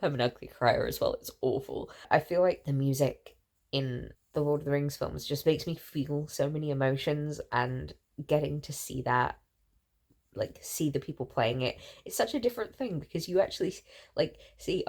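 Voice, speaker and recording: Tired young woman with a low voice. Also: normal speed. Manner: rambling, excitable, giggly. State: tired, losing her voice. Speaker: book vlogger. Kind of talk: casual chatty vlog. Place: lying in bed.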